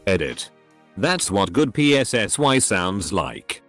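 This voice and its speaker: Male narrator, low and lively read, spells out bleeped words, faint music underneath. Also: slow. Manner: reads posts aloud, spelling out censored words. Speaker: story narrator. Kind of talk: scripted narration of online posts.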